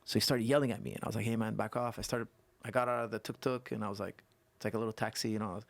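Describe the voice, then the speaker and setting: A man who is a guest coach on a podcast, telling stories and explaining technique in an animated way that repeats points for emphasis. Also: fairly low pitch, very fast, no echo. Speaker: guest martial arts coach. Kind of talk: casual podcast conversation.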